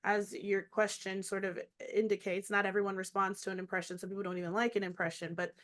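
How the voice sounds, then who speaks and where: An animated woman in her thirties, talking over a video call in a casual interview. She chats about her work with a middle-range voice, laughs often and restarts her sentences quickly. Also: medium pitch. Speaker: comedic actress and guest.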